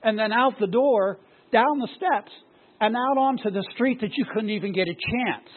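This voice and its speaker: A man's voice: high voice, normal speed, breathy edge. A man preaching a sermon as pastor, often throwing rhetorical questions at his congregation. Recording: tinny phone-like sound.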